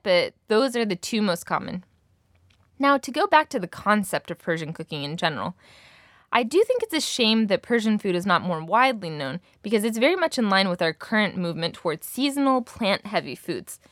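A young woman teaching a language lesson, clearly modelling words slowly for her student to repeat. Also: mid-range voice, fairly bright tone, dry recording, studio quality.

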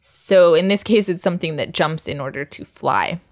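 Woman teaching words, patient and upbeat, voice sits a bit low. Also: normal speed. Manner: patient, encouraging, laughs often. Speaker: language teacher. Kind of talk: teaching Persian vocabulary.

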